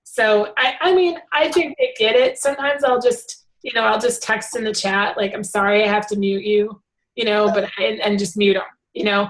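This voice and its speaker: A woman leading a casual group video call, talking in a rambling, animated way with many fillers. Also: on the high side, moderate pace, few pauses, rough recording. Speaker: hangout organizer.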